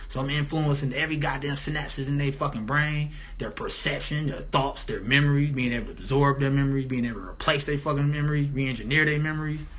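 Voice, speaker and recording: A man's voice: medium pitch, fairly bright tone. Man, rambling profane monologue, grandiose, meandering restarts. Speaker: commentator.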